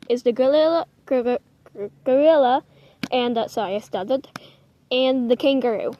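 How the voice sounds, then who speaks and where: Young female vlogger, high-pitched, chatty and rambling, recording outdoors. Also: lo-fi sound. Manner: chatty and rambling, with frequent apologies. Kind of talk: casual outdoor vlog chat. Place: outdoors in the cold, sitting on rocks.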